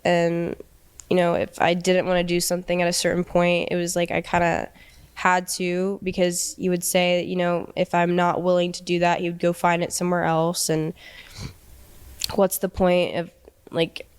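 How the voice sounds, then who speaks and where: Young female guest, lowish smooth voice, halting delivery full of fillers. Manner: hesitant, halting, many fillers. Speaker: interview guest. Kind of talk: personal storytelling.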